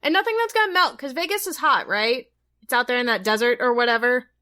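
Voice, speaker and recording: A woman's voice: fairly high pitch, quick pace, pushed and bright. A woman co-hosting a podcast in casual chat, giggly and playful. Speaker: podcast co-host.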